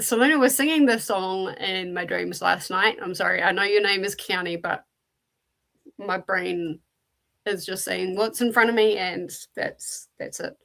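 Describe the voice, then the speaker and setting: A woman with a New Zealand accent hosts a relaxed livestream, her voice carrying a gravelly, fry-touched edge. She chats loosely and greets viewers one by one as she reads and answers their messages. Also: medium pitch. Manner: chatty, greets viewers by name and answers chat. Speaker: livestream host. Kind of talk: casual livestream chat.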